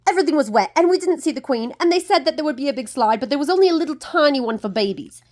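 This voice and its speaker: A woman voicing a complaining big sister from a storybook, ranting fast and high. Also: expressive, a little mellow. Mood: aggrieved. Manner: fast, high, aggrieved rant.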